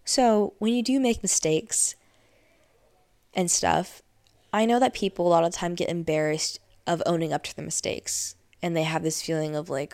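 A young woman giving casual life advice as host, chatty and animated, acting out little scenes with lots of filler likes. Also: fairly low pitch, normal speed, no room sound.

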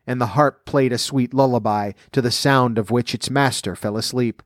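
Male storyteller, fairy tale, mid pitch, steady and measured, dry close sound. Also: no echo.

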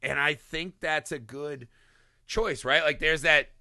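A man co-hosting a casual movie review chat, talking in an animated way, acting out lines from scenes, laughing often and swearing. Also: fairly high pitch, measured pace, creaky, no room sound, studio quality. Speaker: podcast co-host.

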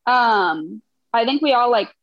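Young woman, higher voice, chatty band singer, dry muffled video-call sound. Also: animated, measured pace, dry recording. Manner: chatty, laughing storyteller. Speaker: band frontwoman. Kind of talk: casual interview chat.

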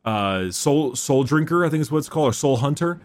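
A man's voice: a little high, lively intonation, fairly quick. A man hosting a podcast, chatting casually and stumbling over names with laughs. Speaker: podcast host. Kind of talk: casual chat.

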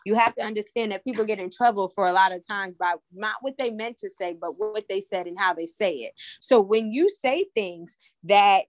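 A woman's voice: mid-range voice, normal speed, few pauses, dry recording. A woman podcast co-host in casual chat, talking emphatically and laughing often.

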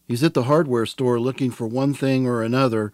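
A man's voice: mid-range voice, steady tone, a little fast, darkish tone, no room sound, clean studio sound, lightly acted. A man voicing a worried, affectionate middle-aged foster mother on the phone, with a fussy, doting manner. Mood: fussing mother. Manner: fussy, affectionate, calls him honey.

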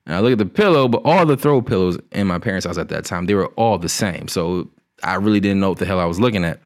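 A man casually telling a funny personal story, profane and animated with laughing asides. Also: deep voice, fast.

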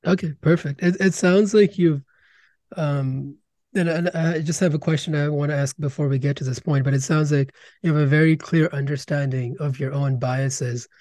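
A man hosting a podcast interview, asking questions in an excitable way and often repeating words as he starts a sentence. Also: on the high side, moderate pace, no echo. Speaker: podcast host.

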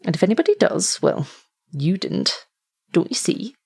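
A man's voice: high-pitched, sing-song, moderate pace, vocal fry, darkish tone, breathy edge, full character voice. A woman reading a cool, sneering young doctor. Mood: coolly persuasive. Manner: coolly dismissive, sneering.

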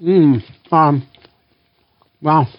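A man hosting a blindfolded family taste test in a casual, playful way, counting down loudly before each bite. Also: fairly high pitch, drawn-out words, dull audio. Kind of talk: casual family vlog chat.

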